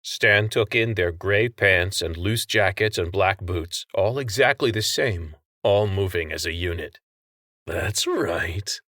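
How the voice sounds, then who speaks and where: A man narrating a story aloud, steady and expressive. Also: deep voice, unhurried, hardly any pauses, no room sound, studio quality. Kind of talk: audiobook narration.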